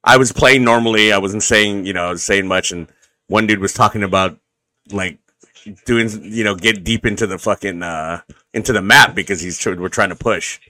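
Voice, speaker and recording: A man hosting a casual podcast chat, his voice deeper and rougher from acid reflux, rambling and swearing with many restarts. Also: moderate pace, pushed and bright, no room sound. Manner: rambling and profane, with frequent restarts. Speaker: podcast host.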